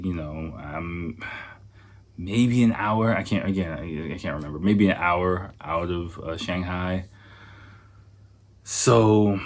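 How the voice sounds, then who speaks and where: A man hosting a podcast, telling a story in a rambling, profane way full of fillers like "like" and "you know". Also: low voice. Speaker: podcast host. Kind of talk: casual storytelling monologue.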